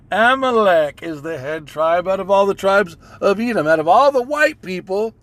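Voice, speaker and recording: A man's voice: fairly high pitch, fairly bright tone. Preachy, cursing male commentator. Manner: preachy and profane, repeats phrases. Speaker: streamer commenting on clips. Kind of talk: religious commentary reading scripture.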